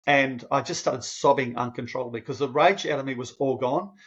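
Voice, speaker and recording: A man's voice: medium pitch, fairly quick, breathy edge, lo-fi sound. Earnest man in his fifties. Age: 50s. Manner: earnest, emotional, restarts phrases, animated when quoting himself. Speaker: podcast guest. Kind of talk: personal storytelling in conversation.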